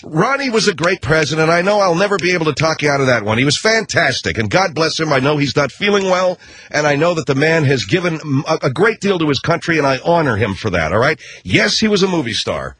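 A man's voice: a little high, expressive, fairly bright tone. A man hosting a talk show, delivering a combative, sarcastic rant. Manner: combative, sarcastic, rapid ranting. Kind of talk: ranting talk-radio commentary.

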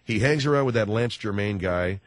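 Rambling male radio host, low voice. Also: no echo. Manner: rambling, halting with many fillers and restarts; jokey, breaks into mocking voices. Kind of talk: talk radio chat with callers.

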